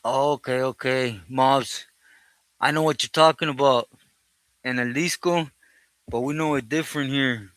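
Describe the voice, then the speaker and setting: A man's voice: medium pitch, fairly even intonation, a little slow, long pauses, a bit bright, no echo. A man hosting a live stream, greeting viewers by name, switching between English and Spanish and often thanking God. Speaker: livestream host reading chat. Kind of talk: casual live chat with viewers.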